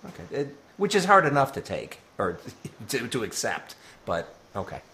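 A man's voice: mid-range voice, very animated, moderate pace, pushed and bright. A man co-hosting a podcast, chatting casually and laughing often. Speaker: podcast co-host. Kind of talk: casual chat about comics.

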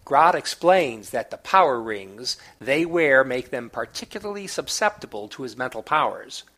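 A man reviewing comic books, recapping the plot in a relaxed, chatty way with small asides. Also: medium pitch, normal speed.

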